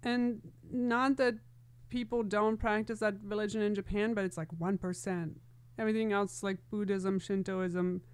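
A woman's voice: mid-range voice, moderate pace, clean tone, no echo. A woman chatting casually about a movie, telling stories with lots of "like"s and acting out quotes. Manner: chatty, animated storytelling with many "like"s.

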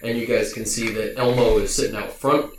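A man's voice: lowish voice, fairly even intonation, a little fast, far from the mic, slight background noise. Man narrating as game master. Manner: casual, hesitant narration with fillers. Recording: roomy recording.

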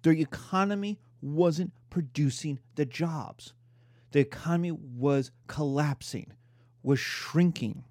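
A middle-aged man giving a lively, emphatic history lecture. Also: a little high, takes it slowly, no room sound, studio quality. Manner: animated, emphatic, mimics voices in quotes.

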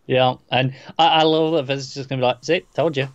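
A man co-hosts a casual recap chat, dropping dry, nitpicking corrections. His voice sits at a middle pitch. The sound is slightly muffled and dry, with no room echo. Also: steady tone, fast talker, clear, resonant tone. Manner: dry, pedantic asides. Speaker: podcast co-host.

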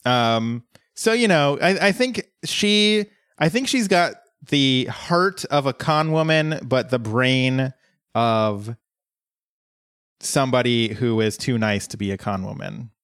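An animated man rambles through a casual podcast recap of a TV episode, jumping in and out of quoted voices. His voice sits in the middle of the usual male range. The sound is close and dry, with no room around it. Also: mid-range voice, takes it slowly, clear, resonant tone, no echo. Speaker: podcast co-host.

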